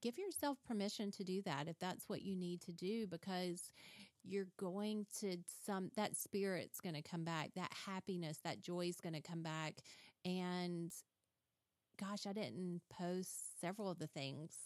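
A woman's voice: lowish voice, a little slow, dry recording, studio quality. A woman hosting a podcast, chatting casually and animatedly, acting out little quoted scenes as she tells stories. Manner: chatty, animated storyteller who acts out quotes. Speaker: podcast host. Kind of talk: casual interview chat.

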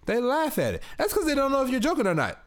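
A man's voice: extremely high pitch, wildly swooping pitch, very fast. A man co-hosting a casual podcast, telling a work story in a blunt, profane way. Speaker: podcast co-host.

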